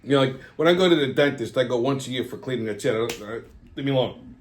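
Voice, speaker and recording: A man's voice: mid-range voice, fast talker. A middle-aged man hosting a show, telling a rambling story in a casual, profane and sardonic way, often laughing as he talks. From New York. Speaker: podcast host.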